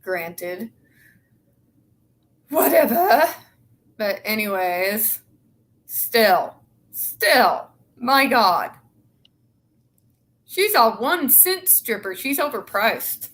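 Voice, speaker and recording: A woman's voice: on the high side, sing-song, extremely slow, long pauses, a bit bright. A young woman in casual, opinionated chat, blunt and sarcastic with a lot of swearing. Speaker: show co-host.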